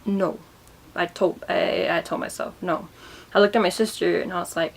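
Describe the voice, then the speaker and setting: A young woman recounting a personal memory in a vlog, emotional and halting, often repeating and restarting her words. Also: fairly low pitch, steady tone, gravelly. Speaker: vlogger.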